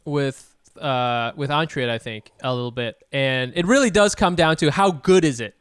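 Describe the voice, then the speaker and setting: A man co-hosts a podcast, chatting casually but rambling and hesitating, with lots of fillers. His medium-pitched voice moves at a moderate pace and is fairly bright, clear and resonant, recorded with clean studio sound and no room echo.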